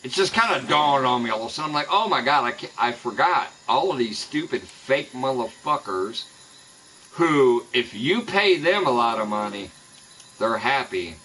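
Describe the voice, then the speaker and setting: A man's voice: mid-range voice, lively intonation, normal speed, sharp tone, slight background noise, poor audio. A man streaming live from home, ranting angrily and swearing heavily at people he says spread lies about him. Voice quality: profane, heated ranting. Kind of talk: angry live-stream rant. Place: home in the American Midwest.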